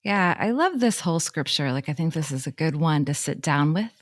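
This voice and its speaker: Lively woman in a faith chat, deep-voiced. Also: brisk, dry recording, clean studio sound. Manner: animated, laughing, lots of "like". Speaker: podcast co-host.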